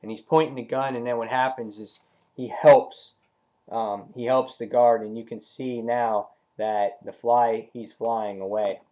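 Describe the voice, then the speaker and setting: A man's voice: mid-range voice, fairly even intonation, unhurried, mellow. A man reviewing a comic book issue in a casual, rambling retelling full of fillers like "um" and "you know".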